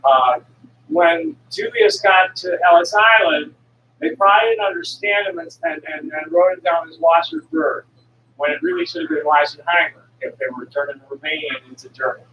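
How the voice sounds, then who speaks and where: A woman's voice: lowish voice, very animated, moderate pace, muffled recording, noisy background. A woman in her sixties, a traveling herbal medicine seller, talking in a rambling, digressive monologue full of restarts and the odd blunt curse. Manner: blunt, occasionally profane. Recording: echoey room from some distance, faint ambience.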